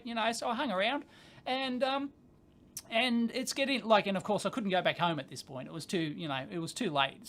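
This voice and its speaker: A man's voice: high voice, a bit bright. A man telling a story on a casual livestream. He rambles with lots of fillers and casual swearing. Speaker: channel host.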